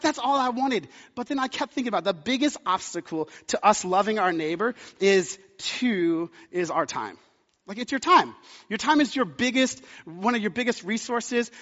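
A man's voice: high-pitched, a bit bright, long reverb tail, dull audio. A man in his thirties preaching a sermon as pastor, chatty and storytelling with many fillers.

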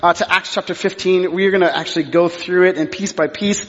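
A middle-aged male pastor preaching a sermon in a church, telling a story in an animated way and acting out both sides of the exchange. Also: high-pitched, fast. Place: church sanctuary. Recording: dull sound with long hall reverb.

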